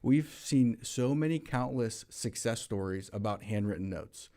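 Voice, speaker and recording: A man's voice: medium pitch, expressive, unhurried, warm tone. A man hosting a casual business chat, speaking earnestly, with frequent restarts. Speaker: host.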